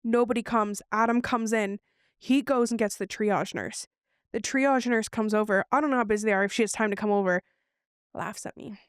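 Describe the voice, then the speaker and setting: Her pitch is fairly high and her pace a little fast, with a clear, resonant tone in a dry, studio-quality recording. She's a podcast co-host sharing a personal story casually, animatedly playing out what people told her.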